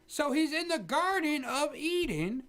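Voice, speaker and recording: A man putting on the voice of a prudish, bigoted older male televangelist in a comedy radio bit, talking in a high stammering drawl. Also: very animated, a little slow, fairly bright tone, exaggerated voice. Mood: exasperated.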